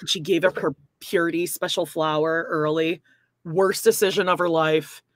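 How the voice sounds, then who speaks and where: A woman co-hosting a podcast, chatting casually and teasing her partner with quick advice. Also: sits low, fairly even intonation, dry recording, studio quality. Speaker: podcast co-host. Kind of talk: casual recap chat.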